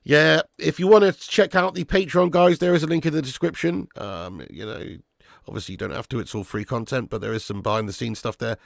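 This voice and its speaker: A man hosting a live football watch-along, calling the play and reading chat, excitable and swearing freely. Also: mid-range voice, a little fast, gravelly, no echo, studio quality. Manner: excitable, swears, jumps from play calls to chat shout-outs. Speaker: fan channel host.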